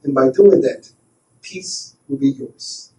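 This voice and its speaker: A man doing a gentle old grandfather. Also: mid-range voice, slow pace, voice pushed down, lightly acted. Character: gentle older grandfather comforting a child. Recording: roomy hall, voice from far off.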